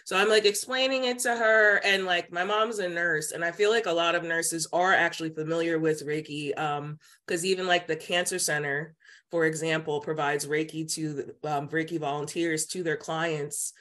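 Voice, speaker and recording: A woman speaking as a podcast guest, telling a personal story in casual chat, filled with "like" and lively quoted voices. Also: sits low, moderate pace. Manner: chatty, many "like" fillers, animated quoting voices. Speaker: podcast guest, psychic intuitive.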